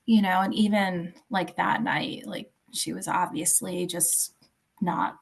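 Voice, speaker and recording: A woman in her fifties, a podcast guest telling a personal story in a halting, soft voice that searches for words. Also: fairly low pitch, fairly even intonation, vocal fry, breathy edge. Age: 50s.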